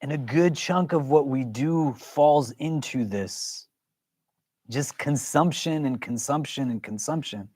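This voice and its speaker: Imam teaching a class conversationally. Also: male voice, medium pitch, takes it slowly, darkish tone, dry recording. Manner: conversational, questioning the audience. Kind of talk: interactive religious lesson.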